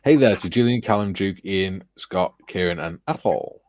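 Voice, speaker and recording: Low-voiced guy hosting a stream, reading chat out loud, dry close sound. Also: normal speed, no room sound. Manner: reads viewer chat messages aloud. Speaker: livestream host. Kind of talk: casual live chat.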